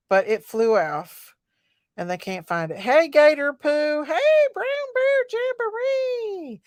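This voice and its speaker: A woman's voice: medium pitch, smooth, no echo, clean studio sound. A middle-aged woman, hosting a casual livestream chat, greeting viewers by name in a folksy way. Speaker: livestream host.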